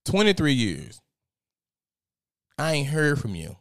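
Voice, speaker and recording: A man's voice: a little high, wildly swooping pitch, slow. A man giving casual, profane, gossipy commentary as host, often laughing.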